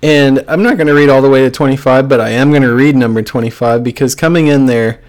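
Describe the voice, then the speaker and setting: A man's voice: mid-range voice, steady tone, fast talker, darkish tone. A man hosting a casual sports podcast, talking loosely and joking, correcting himself as he goes. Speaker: podcast host.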